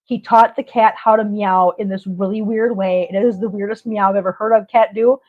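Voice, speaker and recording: Her mid-range voice stays steady and moves fairly quickly. As host of a casual livestream, this middle-aged woman tells chatty stories with lots of laughter, over dull lo-fi audio.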